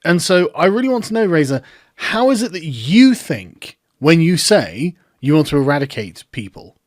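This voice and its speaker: A man's voice: fairly high pitch, sing-song, moderate pace, no room sound. A man giving sarcastic commentary in a mocking, incredulous way, close to the mic. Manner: mocking, incredulous, breaks into laughter. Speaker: online commentator.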